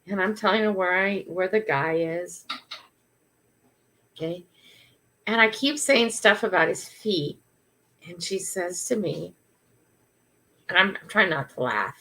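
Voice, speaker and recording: Chatty older woman telling a story. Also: lowish voice. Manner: chatty, animated, laughing through a funny story. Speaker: livestream host. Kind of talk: casual storytelling on a livestream.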